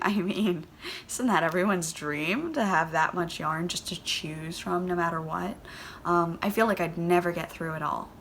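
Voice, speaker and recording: A woman's voice: fairly low pitch, a bit bright, a little hiss or hum. A woman with a Philadelphia accent hosting a knitting vlog, chatting casually and gushing, rambling with lots of "um"s. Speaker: knitting podcast host.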